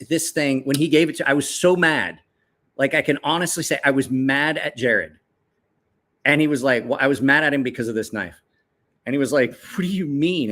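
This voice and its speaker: A man casually talking through his favorite gear as a knife reviewer, excitable and swearing freely, rambling with restarts and jumping up in pitch when he quotes his own reactions. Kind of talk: casual show-and-tell chat.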